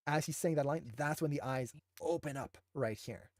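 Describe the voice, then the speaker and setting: A man's voice: on the high side, normal speed, dry recording. A man who teaches animation, enthusiastically breaking down shots with emphatic, admiring commentary.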